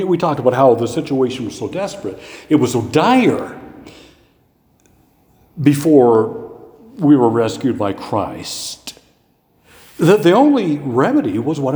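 A male pastor delivers a sermon in a warm, mellow voice whose pitch rises and falls freely. He talks conversationally, often asking a question and then answering it himself. The sound carries the long, roomy reverb of a church hall. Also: big pitch swings, unhurried. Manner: conversational preaching with rhetorical questions.

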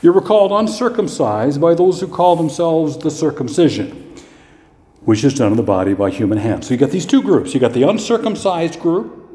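A male pastor delivers a sermon in a warm, mellow voice whose pitch rises and falls freely. He talks conversationally, often asking a question and then answering it himself. The sound carries the long, roomy reverb of a church hall. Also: animated, moderate pace. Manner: conversational preaching with rhetorical questions.

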